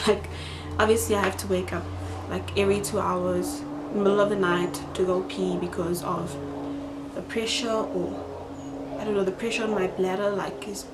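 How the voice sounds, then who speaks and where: A woman's voice: mid-range voice, background noise. A young adult woman with a South African accent, chatting casually to camera in a vlog and filling her talk with "like". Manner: chatty, lots of "like" fillers. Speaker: YouTuber.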